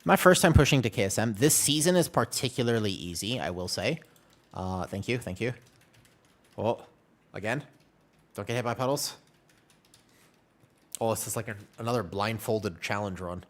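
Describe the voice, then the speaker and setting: A man's voice: lowish voice, normal speed, long pauses. A man streaming a game, chatty, explaining his moves while reading chat, with allergies making him sneeze. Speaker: streamer playing a tank. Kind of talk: live gameplay commentary.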